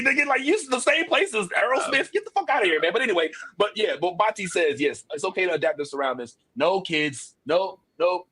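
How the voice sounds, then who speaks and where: Husky, animated man hosting a chat. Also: sits high, fairly quick, hardly any pauses. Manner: animated, joking, swears freely. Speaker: podcast host. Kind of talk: casual chat.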